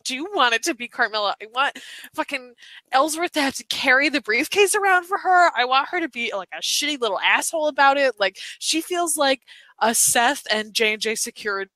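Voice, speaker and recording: Bright-voiced woman, excited podcast chat. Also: high-pitched, a little fast, no room sound, rough recording. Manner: enthusiastic, swears freely, laughs often. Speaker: podcast co-host. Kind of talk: casual chat.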